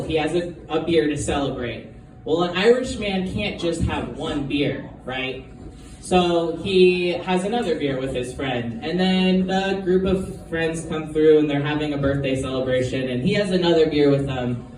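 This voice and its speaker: Rambling man telling a joke onstage. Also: fairly high pitch. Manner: hesitant, rambling, with frequent ums and giggles. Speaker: amateur stand-up comedian. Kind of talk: first-time stand-up storytelling. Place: live comedy show venue. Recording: echoey room from far off, noisy.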